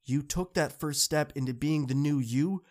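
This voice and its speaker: A man's voice: on the high side, normal speed, darkish tone. A man hosting a podcast, giving an earnest, encouraging motivational talk to students that builds to emphatic peaks. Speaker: podcast host.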